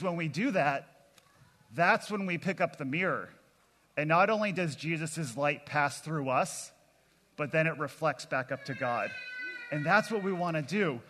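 Under a long hall reverb, a man with a sharp-toned voice on the high side preaches to children and adults at a kids camp. His manner is earnest and plainspoken, and he calls out to the crowd.

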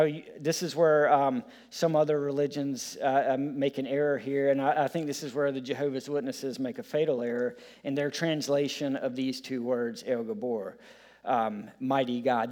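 A man's voice: medium pitch, darkish tone. A man preaching a sermon in a conversational way, with frequent fillers and restarts. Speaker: pastor.

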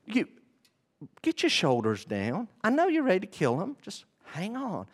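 A preacher acting out a wise elder council man, pleading and urgent, rising high, then hushed and soothing. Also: huge pitch swings, unhurried, breathy edge, heavily acted. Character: wise elder male council teacher, urging calm.

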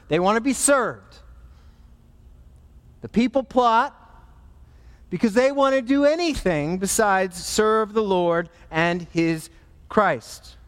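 A man, a pastor, preaching a sermon in an animated, emphatic way. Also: high voice, long reverb tail.

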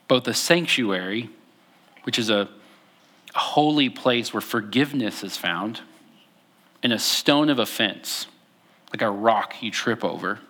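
A man's voice: on the low side, measured pace, long pauses, a bit bright. A young man preaching a conversational sermon, with frequent fillers and restarts as he reads scripture aloud. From Texas. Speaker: pastor.

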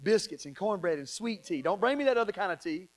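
A man with a Southern American accent preaching a sermon, reading scripture and joking with his congregation, swinging from loud to soft. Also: high voice, animated, fast talker. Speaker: pastor.

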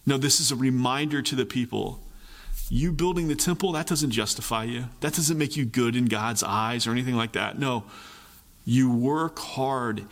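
A man preaching a sermon, animated, repeating phrases for emphasis and acting out voices. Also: mid-range voice, normal speed, big-room sound. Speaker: pastor.

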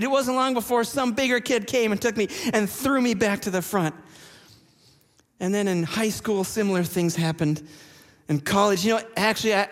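A man preaching a sermon, telling personal stories with self-deprecating humor. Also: sits high. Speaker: pastor. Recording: long church reverb.

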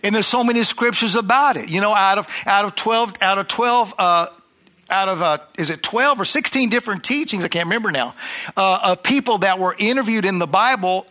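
A middle-aged male preacher with a high, bright voice. He tells his story in a loose, chatty way, full of restarts and asides to the people listening. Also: brisk. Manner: rambling, conversational, with many restarts and asides to the congregation. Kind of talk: storytelling sermon.

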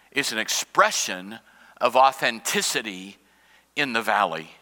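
A male pastor preaching a sermon, swinging from loud, high cries to hushed, low asides. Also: lively intonation, unhurried, long reverb tail, rough recording.

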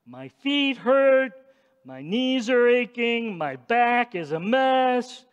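A man voicing a grumbling wanderer in the desert who whines about sore feet and bad food, in a high, exaggerated complaining tone. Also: very animated, takes it slowly, smooth, highs cut off, heavily acted. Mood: whining. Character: whiny grumbling Israelite wanderer, adult, complaining. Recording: long hall reverb.

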